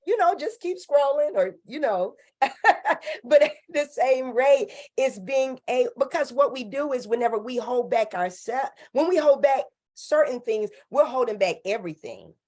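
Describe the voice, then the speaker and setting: A woman's voice: high voice, expressive, normal speed, a little mellow. A woman with a Southern US accent hosting a casual conversation, speaking in an affirming, reflective way. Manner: affirming, reflective, calls herself country. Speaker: host and preacher.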